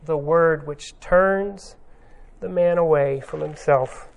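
A man's voice: a little high, slow, creaky. Man preaching with lots of ums. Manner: conversational, many ums and uhs, retells scenes with quoted lines. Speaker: pastor. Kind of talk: informal sermon.

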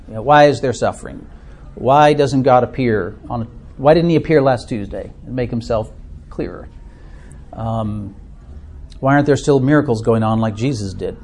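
A middle-aged Minnesotan man with an Upper Midwest American accent leads an informal church discussion group. His medium-pitched voice is a little mellow, and he talks to the small group in a chatty, self-deprecating way, using plenty of fillers.

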